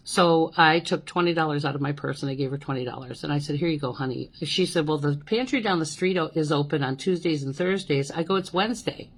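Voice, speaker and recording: A middle-aged woman hosting a podcast, telling a personal story in a casual, animated way, often checking in with "okay?" and "you know". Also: low-pitched, rough recording. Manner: animated, repeats "okay?" and "you know", acts out quoted voices. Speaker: podcast host.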